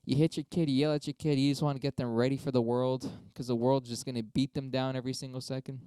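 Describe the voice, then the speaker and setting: A man's voice: medium pitch, level tone, fast, mellow, clear, resonant tone, no echo. A young man talking casually on a stream, arguing both sides of debate prompts with himself in a rambling, profane way. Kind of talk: casual solo monologue.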